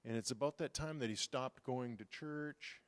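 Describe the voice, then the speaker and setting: A man's voice: medium pitch, normal speed, clear, resonant tone. Man preaching in an echoing hall. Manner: storytelling, rising to forceful preaching. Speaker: pastor. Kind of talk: sermon. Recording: long reverb of a large hall.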